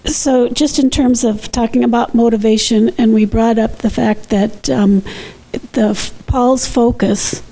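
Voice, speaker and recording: A woman in a study group sharing an insight in a measured, thoughtful way. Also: a little high, fairly even intonation, dark tone, slight background noise, rough recording.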